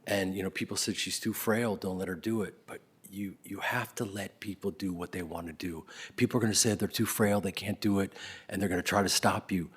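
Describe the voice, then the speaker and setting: A middle-aged man giving a spoken tribute, telling stories about his parents, sometimes loud and laughing, sometimes soft and close to a whisper. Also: low voice, steady tone, a little fast, slightly rough. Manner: swings between loud laughing bursts and soft near-whispers. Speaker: eulogy speaker.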